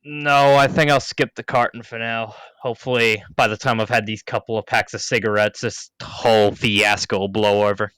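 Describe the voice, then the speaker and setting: A man playing a tabletop role-play game, talking in character in a gruff, weary way. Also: fairly low pitch, fairly even intonation, normal speed, hardly any pauses, fairly bright tone, dry recording, rough recording. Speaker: player.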